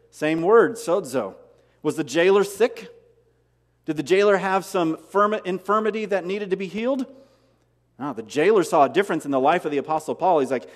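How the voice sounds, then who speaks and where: A man's voice: on the high side, normal speed, in a large hall. A man preaching a sermon as pastor, asking rhetorical questions and repeating key words for emphasis. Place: church sanctuary.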